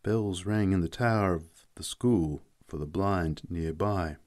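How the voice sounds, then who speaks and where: A man narrating a novel in a measured, expressive audiobook reading. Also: low voice.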